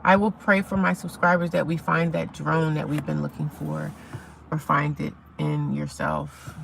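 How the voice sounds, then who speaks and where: A woman's voice: low voice, level tone, a little slow, creaky, a little hiss or hum. A woman, live-streaming outdoors at sunrise, chatting casually with her viewers and reading their comments aloud. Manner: chatty, talks to viewers and reads chat aloud.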